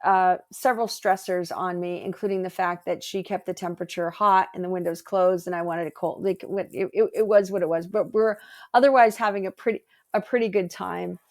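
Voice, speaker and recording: A middle-aged woman chatting as an energy healer guest. She tells her stories with animation, jumping up in pitch when she quotes herself and others. Her talk is loose and casual, full of fillers. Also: fairly quick. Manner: animated, acts out quotes in a higher voice. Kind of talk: casual storytelling chat.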